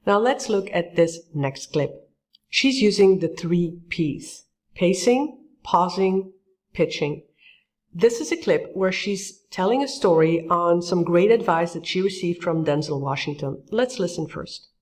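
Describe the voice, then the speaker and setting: A woman coaching public speaking, commenting on clips and acting out example lines with big jumps in her voice. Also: a little slow. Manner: lively, acts out example phrases with big pitch jumps. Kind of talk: tutorial commentary on video clips.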